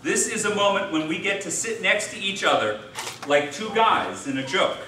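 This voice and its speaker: Rabbi speaking in an echoey hall. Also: male voice, high voice, expressive, normal speed, pushed and bright. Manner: folksy storyteller, does voices in a joke. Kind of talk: speech at an interfaith dinner. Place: large hall. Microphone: distant mic. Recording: echoey hall from far off, noisy.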